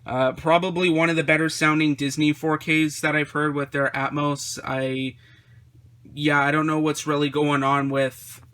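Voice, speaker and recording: Flat-voiced man rambling casually. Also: fairly high pitch, moderate pace, clean tone. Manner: relaxed, rambling with frequent fillers and restarts. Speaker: vlogger reviewing his disc collection. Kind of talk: casual vlog commentary.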